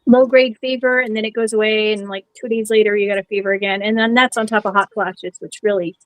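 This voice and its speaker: A woman's voice: medium pitch, steady tone, quick pace, poor audio. A middle-aged woman co-hosting, chatty and teasing in a casual video call chat.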